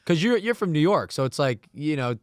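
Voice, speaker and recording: Curious, very animated male host. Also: a little high, smooth, dry recording, studio quality. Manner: curious, quick questions, laughs often. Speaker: podcast host, comedian. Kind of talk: casual podcast chat.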